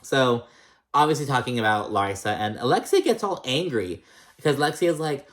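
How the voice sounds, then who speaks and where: A man's voice: mid-range voice, sing-song, fairly quick. A man recapping reality TV in casual chat, blunt and sassy, swearing a lot and calling people "girl".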